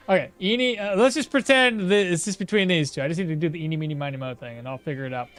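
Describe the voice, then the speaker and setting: A man's voice: a little high, fairly quick, pauses often, a bit bright, clear, resonant tone. Chatty man streaming a game. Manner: chatty, thinks aloud, reads chat and laughs often. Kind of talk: casual live-stream commentary.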